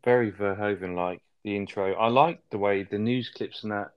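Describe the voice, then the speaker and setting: Male podcast co-host, very low voice, relaxed and rambly. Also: moderate pace, smooth, highs cut off. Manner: laid-back, rambling anecdotes. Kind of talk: casual film podcast chat.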